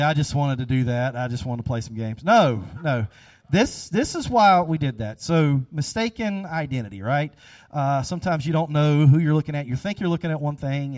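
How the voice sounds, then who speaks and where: Chatty high-voiced man preaching from afar. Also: no echo, studio quality, distant mic. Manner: upbeat, chatty, repeats himself. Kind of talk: casual sermon with an audience game.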